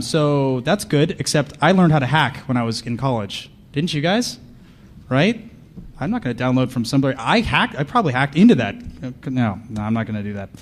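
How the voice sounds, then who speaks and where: A man speaking on a conference panel, delivering a comedic live talk with sarcastic, mock-paranoid riffs and questions thrown at the audience. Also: mid-range voice. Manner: sarcastic, riffing, asks the crowd questions.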